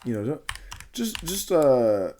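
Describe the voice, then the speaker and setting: A shrugging male store manager who mumbles vague instructions and trails off, as a man quotes him. He speaks in a low-key voice at a middling pitch, with faint noise behind him. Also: very animated, slow, mellow. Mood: dismissive. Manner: noncommittal, trailing off.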